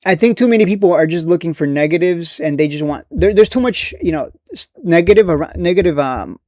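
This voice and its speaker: A man's voice: a little high, lively intonation, fairly quick, a little mellow, dry recording, clean studio sound. A man giving casual live-stream commentary on stocks, rambling and profane, dismissive, with frequent restarts.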